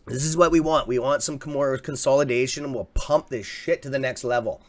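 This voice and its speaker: A Canadian man hosting a casual live stock-market stream, chatty and excitable, swearing freely and reading out viewer comments. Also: mid-range voice, a little fast. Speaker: livestream host.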